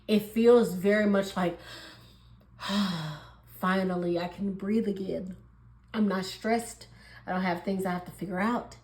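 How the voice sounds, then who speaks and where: A woman's voice: medium pitch, fairly even intonation, a little slow, pauses often, darkish tone. A woman talks through a tarot reading in a loose, chatty way, often laughing and acting out little back-and-forth dialogues. Her voice sits in a middle range. The room around her is echoey. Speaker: tarot reader.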